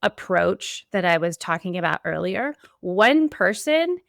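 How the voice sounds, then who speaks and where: A woman's voice: on the low side, very animated, measured pace, gravelly, dry recording, studio quality. A woman hosting a solo podcast, talking in an earnest, emphatic way with repeated build-ups. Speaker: podcast host.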